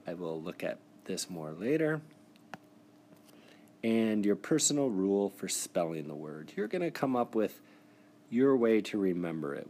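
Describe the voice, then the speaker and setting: A teacher records a screencast spelling lesson, explaining the steps patiently and encouragingly in a low-pitched, slightly mellow voice. The device mic used for the screen recording picks up slight background noise.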